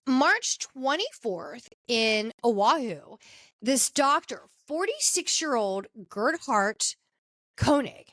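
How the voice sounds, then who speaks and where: Woman, podcast host, casual news recap, lively emphasis, somewhat high voice. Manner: storytelling, with fillers and restarts, lively emphasis.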